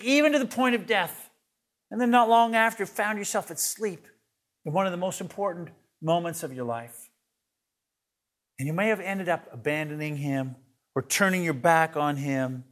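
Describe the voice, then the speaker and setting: Male pastor with a high voice, earnest sermon delivery that restarts words and drops to a hush. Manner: earnest, repeats words as he builds each point; swings between loud emphasis and soft hushed lines.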